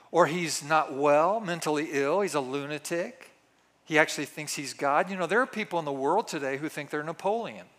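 Guy preaching a sermon, high-ish voice, animated, does little voices for quotes. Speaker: pastor.

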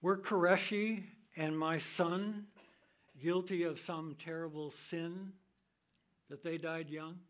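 An older man teaching from the Bible in a sermon style, reading scripture in a measured, deliberate way. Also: fairly high pitch, steady tone, a bit bright.

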